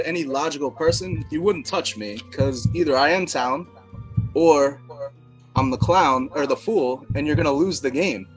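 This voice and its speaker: A man's voice: fairly high pitch, rough recording. A man playing a party game, joking, laughing often and pleading his case with mock drama. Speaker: game player. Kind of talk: casual game banter.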